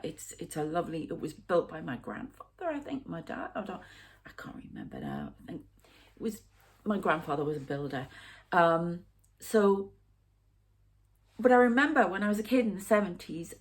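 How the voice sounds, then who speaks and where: A woman in her fifties, a psychic medium talking through a rambling, halting spiritual vlog monologue with hushed asides. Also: on the low side. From United Kingdom. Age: 50s.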